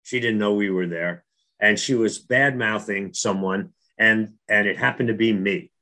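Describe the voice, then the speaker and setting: A middle-aged man from New Jersey earnestly relates a personal faith story in casual talk, restarting often and repeating words. His fairly low voice is steady, pushed and bright, at a moderate pace.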